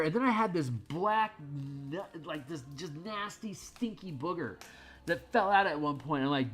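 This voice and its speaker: A man's voice: fairly high pitch, very animated, measured pace. A man casually chatting on a stream while he draws, rambling and candid, swearing freely. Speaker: streamer drawing art.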